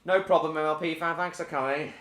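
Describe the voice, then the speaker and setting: A man's voice: a little high, fairly even intonation, fast talker, fairly bright tone, roomy sound, a little hiss or hum. A man chatting casually on a live stream while gaming, answering viewers by name with many hesitant ums.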